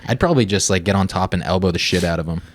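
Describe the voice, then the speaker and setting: A young man in casual podcast chat who jokes with friends in a relaxed way and swears now and then. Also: deep voice, rapid-fire, a little hiss or hum. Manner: relaxed, laid-back banter with some swearing. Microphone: handheld podcast microphone.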